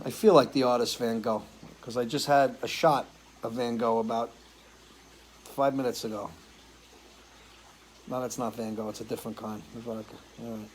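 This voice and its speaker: A man's voice: mid-range voice, low-quality recording. A man in casual chat reads out viewers' comments and answers them one by one. He talks loosely and easily, like a regular host, with an odd swear word thrown in. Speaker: singer hosting a live stream.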